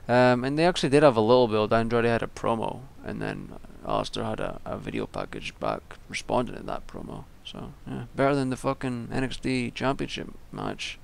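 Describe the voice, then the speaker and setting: A man's voice: medium pitch, huge pitch swings, brisk, creaky, few pauses. A young man giving casual, rambling solo commentary, with frequent ums and restarts. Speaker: wrestling vlogger.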